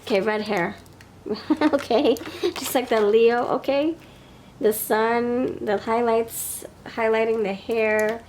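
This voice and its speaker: A woman's voice: a little high, steady tone, slow, a little mellow, slight background noise. A woman with a New York accent giving a pick-a-card tarot reading, chatty and thinking aloud as she goes. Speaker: tarot reader.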